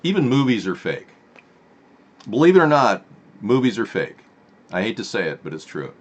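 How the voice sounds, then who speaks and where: A man's voice: lowish voice, big pitch swings, moderate pace, dull audio. Rambling, sarcastic male stream host. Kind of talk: live-stream political talk.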